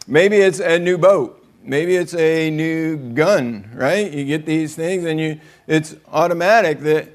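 A man with a fairly high-pitched voice delivers a conversational sermon at normal speed, joking with the room and acting out quotes in other voices.

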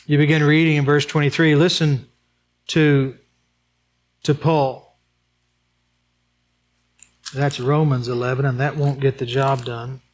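A man preaching a sermon as pastor, emphatic, asking the congregation questions and swinging between urgent peaks and quiet asides. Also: little pitch movement, a little slow, pauses often. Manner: emphatic, rising to high urgent peaks then dropping low and quiet; addresses the congregation with rhetorical questions.

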